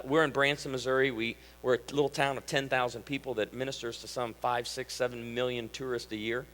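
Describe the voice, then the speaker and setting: A man, preaching a sermon and telling stories that act out family conversations. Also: mid-range voice. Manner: storytelling, acts out family dialogue with animated swings. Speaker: pastor. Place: church sanctuary. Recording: long reverb of a church hall.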